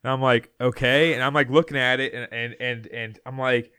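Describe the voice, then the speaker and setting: A man's voice: medium pitch, fairly even intonation, moderate pace, sharp tone, smooth, dry recording, clean studio sound. A man co-hosting a podcast, telling a long story in a loose, rambling way, often laughing and restarting his sentences. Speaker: podcast co-host. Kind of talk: casual storytelling chat.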